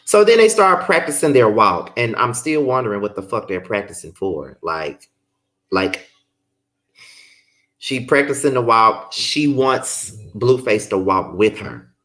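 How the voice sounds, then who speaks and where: Man, TV reviewer, casual vlog, exasperated, profane, wildly swooping pitch. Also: sing-song, measured pace, a bit bright. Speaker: TV show reviewer.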